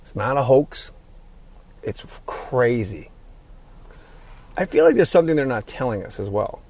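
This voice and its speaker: A man's voice: medium pitch, big pitch swings, measured pace, a little mellow. A middle-aged man hosting his podcast alone, rambling and ad-libbing in a profane, casual monologue. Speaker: podcast host.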